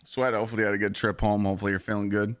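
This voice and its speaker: A hoarse man with a fairly low voice chats on a live stream and tells a story in an animated way. The sound is close and dry, with no room echo. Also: very fast. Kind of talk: casual chat.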